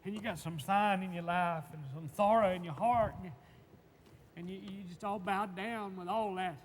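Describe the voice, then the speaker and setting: A man preaching a sermon, stammering and repeating words in folksy, emphatic speech that swings from loud to hushed. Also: sits high, steady tone, moderate pace. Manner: emphatic, swinging between shouts and hushed tones. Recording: long reverb, faint background noise.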